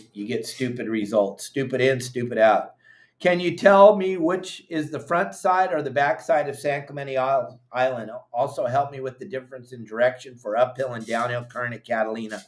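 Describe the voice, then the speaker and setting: A man hosting a fishing show, ranting bluntly and heatedly at listeners, swinging between shouting and muttering. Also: on the high side, reverberant. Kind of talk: live show rant and listener Q&A.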